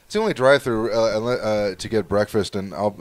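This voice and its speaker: A man hosting a podcast, chatting casually in a rambling, animated way, cursing and laughing as he tells stories. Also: lowish voice, quick pace, no room sound. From Southern California. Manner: rambling, animated storytelling, swears, laughs often. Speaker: podcast host. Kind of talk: casual chat.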